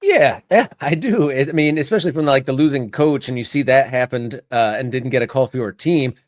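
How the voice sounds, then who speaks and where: A man's voice: mid-range voice, brisk, no room sound. A man co-hosting a sports talk show who talks casually and animatedly, full of "like" fillers, into a studio mic. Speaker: podcast co-host.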